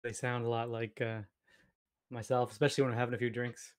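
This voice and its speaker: A man's voice: mid-range voice, little pitch movement, quick pace, clean tone. A man chatting casually over an online poker game and laughing easily. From Canada. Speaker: poker streamer.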